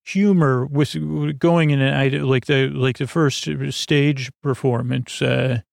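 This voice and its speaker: A man hosting a sleep podcast, recapping an episode in a rambling, halting way full of fillers and restarts. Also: medium pitch, fairly even intonation, gravelly, no room sound, studio quality.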